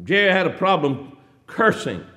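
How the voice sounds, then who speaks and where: A man from Alabama with a Southern accent, preaching a folksy sermon that swings between loud emphasis and quiet storytelling asides. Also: sits high, very animated, moderate pace.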